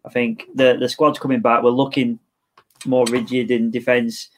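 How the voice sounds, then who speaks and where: A man co-hosting a podcast in casual chat, easygoing and agreeable, quick to chime in. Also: medium pitch, flat delivery. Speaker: podcast co-host.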